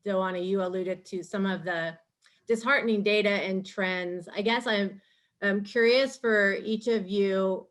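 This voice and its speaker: Conversational woman moderator. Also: on the low side. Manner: conversational, uses fillers. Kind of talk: panel moderation.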